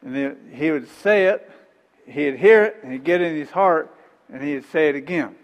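A man's voice: a little high, normal speed, in a large hall, low-quality recording. A middle-aged man preaching a sermon in a folksy, conversational way, repeating phrases and chuckling between points.

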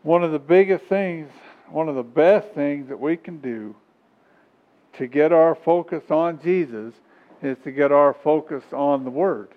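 Male pastor, fairly high voice, homespun sermon delivery, thin phone-quality sound. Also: unhurried. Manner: folksy, repetitive preaching with chuckles. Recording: tinny phone-like recording.

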